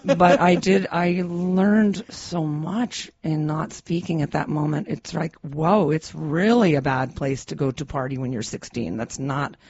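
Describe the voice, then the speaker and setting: Husky middle-aged woman telling stories. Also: sits low, measured pace, hardly any pauses, a little mellow. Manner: rambling storyteller with frequent restarts. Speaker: guest, founder of a community radio station. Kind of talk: casual radio interview chat. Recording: dull lo-fi radio recording.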